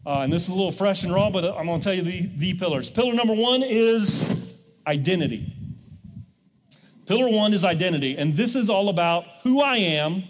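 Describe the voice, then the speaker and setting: A man's voice: high-pitched, quick pace, hardly any pauses, big-room sound. A male pastor preaching a sermon in a church, leading the congregation in call-and-response. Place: church sanctuary.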